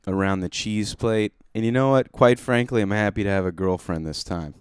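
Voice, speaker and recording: A man's voice: fairly low pitch, moderate pace, few pauses, smooth, no echo, clean studio sound. A young man doing a solo comedy podcast from home, rambling, self-deprecating and swearing casually.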